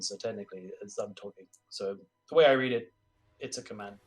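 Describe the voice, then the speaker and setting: A man's voice: fairly low pitch, brisk, soft background music. A man playing a tabletop game, talking casually in a joking, blunt way. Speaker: player.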